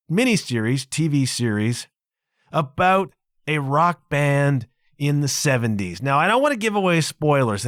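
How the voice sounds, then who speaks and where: A man's voice: mid-range voice, no echo, clean studio sound. A man in his fifties hosting a solo podcast, talking casually and chattily with frequent asides to his listeners. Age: 50s. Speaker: podcast host.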